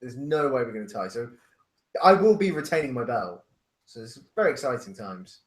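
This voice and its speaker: A man's voice: medium pitch, lively intonation, brisk, distant mic. A man co-hosting a casual chat, boastful and laughing, swearing often. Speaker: podcast co-host. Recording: echoey room.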